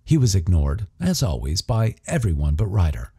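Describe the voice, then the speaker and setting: A man narrating an audiobook in an expressive storytelling manner. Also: deep voice, normal speed, few pauses, breathy edge, no room sound, studio quality. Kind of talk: scripted narration.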